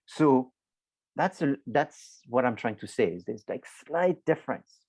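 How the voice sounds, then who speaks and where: A man's voice: medium pitch, expressive, moderate pace, darkish tone, no room sound, highs cut off. A man lecturing a university marketing class, explaining loosely with many restarts and filler words, addressing students directly.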